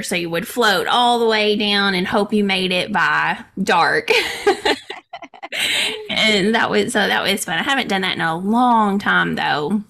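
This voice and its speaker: A woman in her thirties with an Arkansas Southern accent co-hosts a podcast in a folksy, friendly way and laughs easily. Her voice is bright and lifted. She talks in an easy, chatty manner. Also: fairly low pitch, slight background noise. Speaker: podcast co-host. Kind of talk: casual chat.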